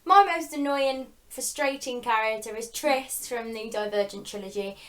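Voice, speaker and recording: A young woman co-hosting a book vlog, animated and exasperated as she mock-quotes characters. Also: a little high, normal speed. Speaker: book channel co-host. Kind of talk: casual chat.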